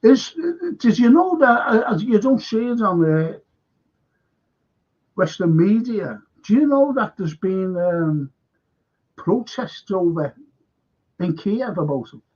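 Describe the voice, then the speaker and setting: A man's voice: high voice, lively intonation, slow, long pauses, a little mellow. A man hosting a live stream, rambling emphatically, repeating himself and firing questions at his viewers. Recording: dull lo-fi stream audio.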